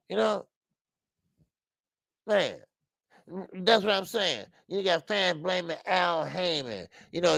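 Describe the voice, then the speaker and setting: A man's voice: high voice, gravelly, dry recording. Heated male boxing show host. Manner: heated, animated, repetitive fillers. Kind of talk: casual opinionated commentary.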